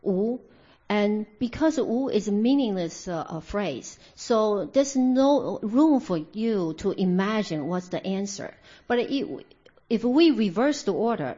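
A woman with a dark, mellow voice renders a meditation teaching into English, stopping often to search for words. The sound is dull and lo-fi. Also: medium pitch, lively intonation, slow. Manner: hesitant, many fillers and restarts. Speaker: interpreter. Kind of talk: consecutive interpreting of a dharma talk. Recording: dull lo-fi recording.

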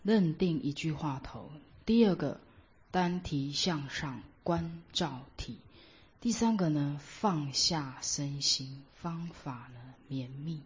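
A woman with a very low, husky voice gives a meditation teaching and lays out each point slowly with examples. The recording sounds dull and lo-fi. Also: expressive. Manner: measured, explains with examples. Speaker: dharma teacher.

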